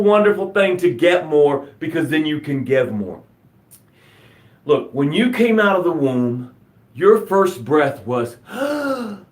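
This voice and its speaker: Male motivational host, high voice, upbeat and preachy, echoey room. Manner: enthusiastic, preachy, jokes and laughs at himself. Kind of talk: live motivational broadcast.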